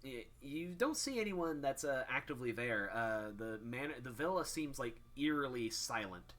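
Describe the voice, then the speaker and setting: Bright-voiced casual game master. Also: male voice, mid-range voice, expressive, moderate pace. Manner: casual, lots of ums and uhs. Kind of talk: narrating a tabletop game.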